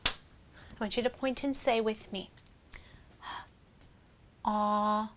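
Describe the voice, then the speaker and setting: A woman teaching a phonics lesson, sounding out vowels slowly and clearly and praising the listener. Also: on the high side. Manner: slow, clear, encouraging, sounds out each vowel.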